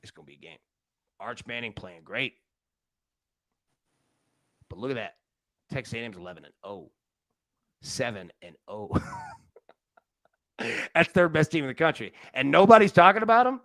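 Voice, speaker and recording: Casting: male sports betting host, animated, joking, rambling, dry close mic. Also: mid-range voice, moderate pace, pauses often, no room sound. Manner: rambling and joking, with frequent restarts. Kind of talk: casual live show chat. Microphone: studio mic on a live stream.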